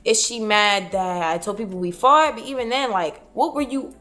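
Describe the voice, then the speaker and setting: A woman tells a heated dispute in plain, profane everyday speech, voicing both herself and the other person. Her pitch sits mid-range for a woman. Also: normal speed, faint music behind. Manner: blunt, profane, animated when quoting. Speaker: streamer recounting a dispute. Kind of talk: casual retelling with quoted dialogue.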